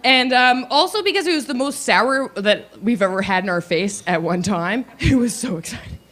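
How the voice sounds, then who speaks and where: A woman's voice: a little high, animated, normal speed, fairly bright tone. A woman in her thirties performing a stand-up comedy set, playful and giggly, acting out quotes in silly voices.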